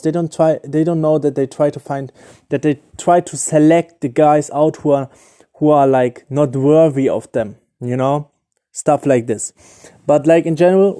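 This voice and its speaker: A man's voice: on the high side, dark tone. A man who is not a native English speaker, hosting a solo podcast and giving dating advice in a loose, explanatory way, often restarting and searching for words. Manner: loose, explanatory, full of "like" and "okay?". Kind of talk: casual solo podcast talk.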